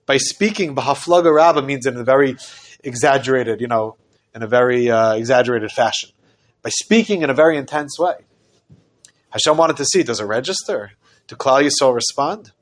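A man teaching a Torah class, explaining a text with lively acted-out dialogue and many Hebrew terms. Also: mid-range voice, a little fast. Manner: animated, acts out quoted dialogue.

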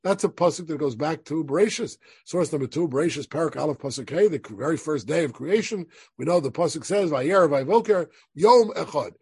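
Husky-voiced man teaching a Torah class. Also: fairly high pitch, lively intonation, a little fast, a little mellow, no room sound. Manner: reads Hebrew verses aloud then explains them, checks in with "right?". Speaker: rabbi teaching a weekly class. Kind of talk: lecturing on Jewish law from source sheets.

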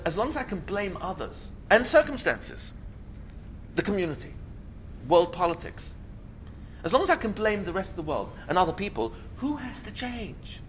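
A man's voice: a little high, fairly bright tone, a little hiss or hum. A man giving a lecture to an audience, often acting out little scenes in funny voices, asking rhetorical questions and laughing. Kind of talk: lecture at a learning day. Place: lecture at a school event, before an audience.

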